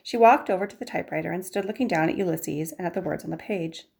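A woman narrating a novel aloud in a measured storytelling manner. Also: lowish voice, gravelly, darkish tone. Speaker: audiobook narrator. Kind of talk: scripted narration.

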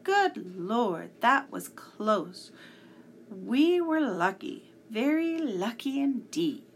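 A woman voicing a calm older male professor who speaks in measured, reassuring explanations, reading a storybook aloud. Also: fairly high pitch, a little hiss or hum, heavily acted. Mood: urgent.

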